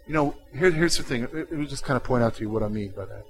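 A male pastor delivering a sermon, dropping to a quiet intimate tone and then rising loud and emphatic. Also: mid-range voice, fast, soft background music, low-quality recording. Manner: dynamic preaching, swinging from hushed to loud and emphatic.

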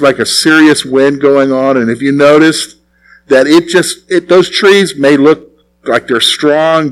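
A man's voice: a little high, a bit bright, poor audio. A man preaching a radio sermon in a conversational way, putting questions to his congregation. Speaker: pastor. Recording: recorded sermon broadcast on radio.

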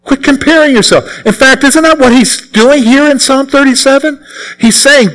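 A man's voice: very high-pitched, moderate pace, a bit bright, rough recording. A man preaching a sermon as pastor, emphatic and repeating his key phrases.

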